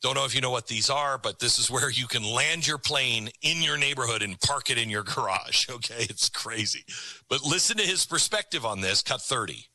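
A man's voice: medium pitch, lively intonation, normal speed, pushed and bright, no room sound. A man hosting a show, delivering an emphatic monologue and urging the audience. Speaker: host.

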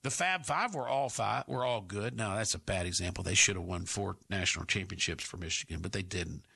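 Husky-voiced combative talk radio man. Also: deep voice, bright, forceful tone. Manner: combative, rapid rhetorical questions. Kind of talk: opinionated talk radio monologue.

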